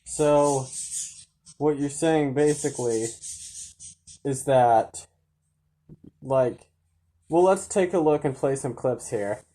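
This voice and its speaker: A woman doing an impression of a male TV talk show psychologist, speaking slowly in a calm, pompous, measured way. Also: rumbling low, full character voice. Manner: slow, measured, pronouncing.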